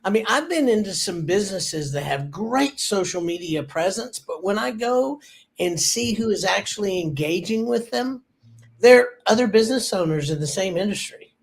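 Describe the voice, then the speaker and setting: A man's voice: high-pitched, lively intonation, normal speed, gravelly. A man co-hosting a marketing talk show, easygoing and self-deprecating in casual chat.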